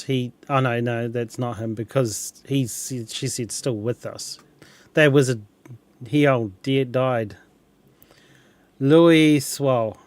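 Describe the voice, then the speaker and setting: A man's voice: medium pitch, slow, dry recording. A young man chatting casually over a game, rambling, chuckling often and restarting words. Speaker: gameplay streamer. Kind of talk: casual gameplay chat.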